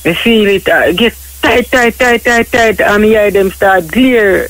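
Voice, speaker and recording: A man's voice: high-pitched, unhurried, fairly bright tone, a little hiss or hum. A man with a Jamaican accent calling in to a radio show, stammering and repeating his words insistently. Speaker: radio caller. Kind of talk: phone-in radio chat.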